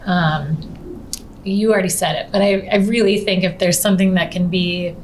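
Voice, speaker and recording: A woman's voice: on the low side, steady tone, moderate pace. Thoughtful woman host, faint hiss. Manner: thoughtful, hesitant, searching for words. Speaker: podcast host. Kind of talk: casual interview chat.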